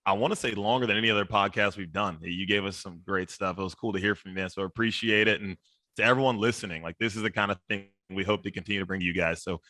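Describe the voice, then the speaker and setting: Male podcast host with a quick pace and a dry close sound, breezy and friendly in tone. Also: fairly low pitch, fairly even intonation, bright, forceful tone, no room sound. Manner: upbeat, chummy, says "man" often. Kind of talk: casual podcast sign-off.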